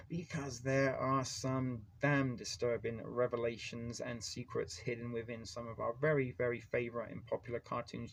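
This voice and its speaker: A man's voice: mid-range voice, gravelly. A man hosting a casual live stream, rambling and chatty as he talks straight to his viewers. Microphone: phone.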